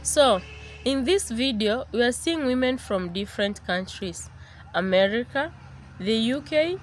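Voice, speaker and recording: A woman hosting a reaction video, giving scripted commentary in a measured, deliberate way. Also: on the high side, a little hiss or hum.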